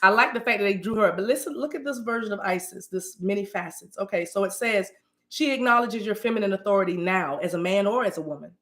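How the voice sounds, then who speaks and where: A woman hosting a spiritual live stream in casual talk, animated and playful, breaking into chant-like sounds. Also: medium pitch, fast talker.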